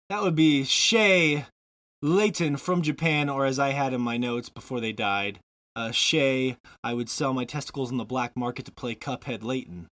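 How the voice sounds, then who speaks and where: A man's voice: mid-range voice, moderate pace, fairly bright tone, dry recording. A man from Montana hosting a casual podcast, rambling and joking, laughing often between fillers. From Montana, USA. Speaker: podcast host.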